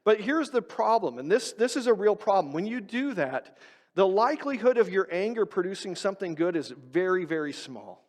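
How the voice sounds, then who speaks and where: A man's voice: sits high, lively intonation, normal speed. A man preaching a sermon as pastor, talking conversationally, asking the congregation questions and acting out quoted voices. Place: church sanctuary. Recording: church hall reverb.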